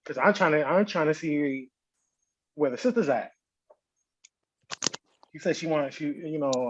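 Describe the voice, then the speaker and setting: A podcast host with a mid-range voice tells a story in casual slang, acting out what people said with lively energy. The recording has its highs cut off.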